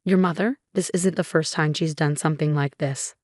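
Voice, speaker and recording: A woman's voice: sits low, fairly even intonation, moderate pace, darkish tone, no room sound, studio quality. A woman voicing a tired, regretful older father in a narrated story. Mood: weary. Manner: weary, heavy.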